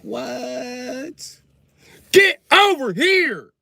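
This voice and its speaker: A man putting on the voice of an exasperated parent yelling at an unruly son, high and shrill with scolding shouts. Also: lively intonation, moderate pace, no room sound, clean studio sound, exaggerated voice.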